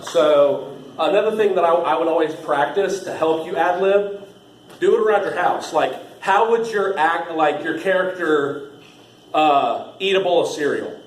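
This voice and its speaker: A man's voice: a little high, measured pace. A young man, casually training new staff, rambling, laughing often and using lots of fillers. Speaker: haunt trail actor training new staff. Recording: echoey room with faint ambient noise.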